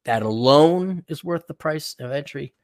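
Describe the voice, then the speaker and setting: A man with a slightly higher voice rants through a solo podcast. He swears freely and sneers at people he mocks. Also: expressive, measured pace. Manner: profane, sarcastic, ranting; mock voices for people he ridicules. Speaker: podcast host.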